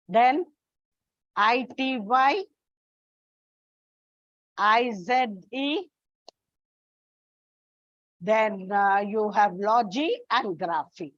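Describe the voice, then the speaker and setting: Woman, English teacher, unhurried, spells and repeats words, close dry sound. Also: on the high side, expressive, fairly bright tone, dry recording, lo-fi sound. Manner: slow, deliberate, spells out word endings and repeats words. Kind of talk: classroom lesson on word stress.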